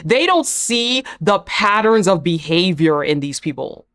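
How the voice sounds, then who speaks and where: A woman's voice: fairly low pitch, expressive, a little slow, fairly bright tone. Blunt, sarcastic woman reviewing TV. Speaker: reality TV recap host. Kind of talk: casual recap commentary.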